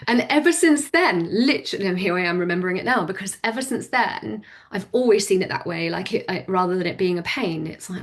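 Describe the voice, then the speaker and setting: A woman's voice: medium pitch, expressive, a little fast, hardly any pauses. A woman in her forties, chatting as an interview guest, laughing often and restarting her sentences. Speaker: podcast guest, business owner. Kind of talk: casual interview chat.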